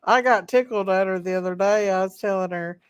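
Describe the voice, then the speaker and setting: A woman's voice: medium pitch, a little fast, clean tone, no room sound, clean studio sound. A woman hosting a casual livestream, teasing her friends and thanking viewers. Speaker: livestream host. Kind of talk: casual group livestream chat.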